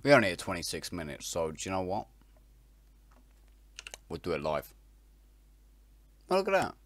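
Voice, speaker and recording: Mocking man, low lively voice. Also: normal speed, no room sound. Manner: mocking, stammering, bursts into loud laughter. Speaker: reaction video host. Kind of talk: profane comedic reaction commentary.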